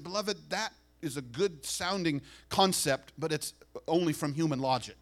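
A man preaching as pastor, animated, acting out quick voices and dropping to soft asides. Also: fairly high pitch. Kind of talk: sermon.

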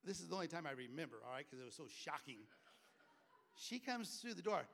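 A man's voice: fairly high pitch, sing-song, fairly quick, gravelly, a bit bright. A middle-aged man preaching a sermon in a conversational way and acting out the voices of people he quotes. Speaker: pastor.

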